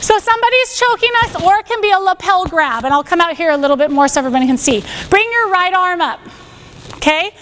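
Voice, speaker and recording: A woman teaching a self-defense class on a body microphone, giving energetic step-by-step commands and checking in with "okay?" after each one. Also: extremely high pitch, fast, a little hiss or hum. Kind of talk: classroom instruction. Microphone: wearing a microphone.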